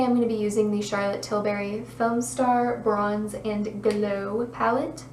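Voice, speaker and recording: A young woman talking through a makeup tutorial in a chatty, bubbly way, her voice a little hoarse. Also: a little high, reverberant, distant mic, noisy background. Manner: chatty, bubbly, self-deprecating asides. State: losing her voice, slightly hoarse. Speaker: beauty vlogger.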